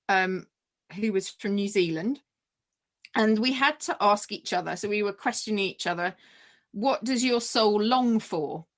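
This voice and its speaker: A middle-aged woman recounts a memory in a relaxed, chatty way. Her voice sits at a medium pitch, and she often breaks her flow with ums and self-corrections. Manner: chatty, animated, many fillers and restarts. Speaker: podcast guest. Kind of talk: casual storytelling chat.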